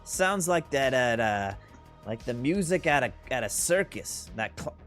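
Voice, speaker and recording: A man voicing a rough male construction manager with a Boston accent, stammering and clipped. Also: medium pitch, animated, unhurried, a bit bright, soft background music. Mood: gruff.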